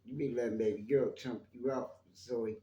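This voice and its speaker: A man's voice: medium pitch, steady tone, moderate pace, dark tone, roomy sound, dull audio. A man hosting his own channel, talking to viewers in a rambling, chatty monologue about his faith. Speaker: YouTube channel host. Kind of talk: casual spoken monologue on faith.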